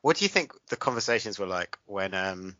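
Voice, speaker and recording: Wry, low-voiced male podcast co-host. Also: expressive, a little fast, sharp tone, no echo, highs cut off. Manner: dry joking, wry asides. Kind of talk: casual chat.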